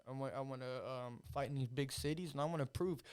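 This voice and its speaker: A man's voice: medium pitch, quick pace, a little mellow, clear, resonant tone. A man in his twenties hosting a casual podcast chat, talking in a profane, hyped-up, rambling way. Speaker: podcast host and amateur fighter.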